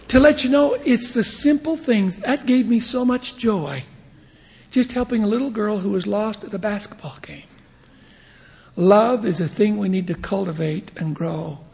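A man in his fifties preaches with a light, storytelling touch, bouncing into voices for the people in his anecdotes. His voice sits high for a man and carries a gravelly edge, and it rings out in a large hall with a long echo. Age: 50s. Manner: animated storyteller acting out voices, chuckling often. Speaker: church leader giving a devotional talk. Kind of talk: humorous sermon with stories.

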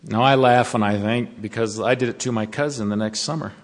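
A man giving a sermon to college students, telling a folksy story and then slowing to earnest counsel. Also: medium pitch, a little hiss or hum. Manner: storytelling, turning slow and earnest. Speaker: devotional speaker to college students. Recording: long reverb of a large hall.

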